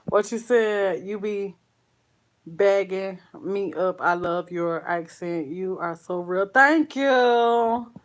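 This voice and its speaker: A woman's voice: mid-range voice, slow. Chatty woman live-streaming. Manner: chatty, slangy, calls viewers girl and child; ranting with profanity. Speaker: vlogger reading live chat. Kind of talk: casual live-stream chat.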